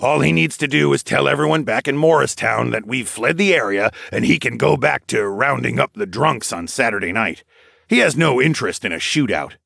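A man voicing Darwin, a calm, practical adult man explaining plans in an audiobook. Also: medium pitch, a little fast, gravelly, breathy edge, no room sound, clean studio sound, pitched above the performer's own voice, heavily acted. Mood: matter-of-fact. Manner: matter-of-fact, explaining plans.

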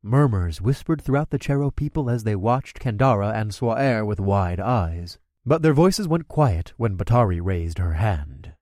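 A man narrating a first-person audiobook in a steady, wry way. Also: on the low side, a little slow, few pauses, no room sound, studio quality.

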